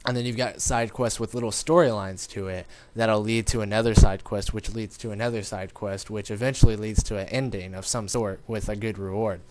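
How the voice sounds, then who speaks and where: A man's voice: fairly low pitch, fairly even intonation, fairly quick, hardly any pauses, darkish tone. A man giving casual gameplay commentary, rambling and informal, talking straight to his viewers. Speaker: gaming commentator.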